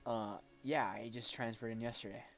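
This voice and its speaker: A man's voice: mid-range voice, steady tone, moderate pace, fairly bright tone, soft background music, natural voice. A man voicing an awkward, hesitant young male transfer student in a casual tone.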